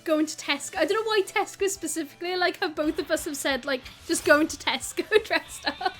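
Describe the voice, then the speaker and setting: A woman's voice: very high-pitched, brisk, fairly bright tone, faint music behind. A young Welsh woman from South Wales chatting casually with her live stream audience, giggly and full of "like".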